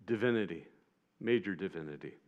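A man preaching a sermon in a conversational, animated way, acting out the lines he quotes. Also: low-pitched, a little fast, muffled recording.

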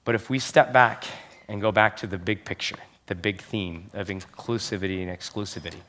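Earnest male pastor preaching, low voice. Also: fairly bright tone. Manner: earnest, emphatic, slows down on key phrases. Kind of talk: sermon.

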